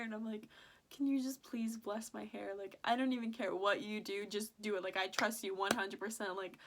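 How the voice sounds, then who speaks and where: A young woman vlogger chatting through a story, full of "like" fillers and quoted back-and-forth. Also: mid-range voice. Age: young adult. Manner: chatty, animated retelling with many "like" fillers. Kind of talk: casual storytime vlog.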